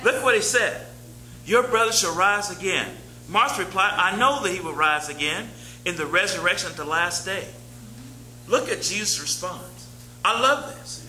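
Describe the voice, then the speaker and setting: A man's voice: high-pitched, animated, normal speed, pushed and bright, reverberant, a little hiss or hum, rough recording. A man preaching a sermon as pastor, talking in a conversational way, repeating key phrases and reading scripture aloud. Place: church sanctuary.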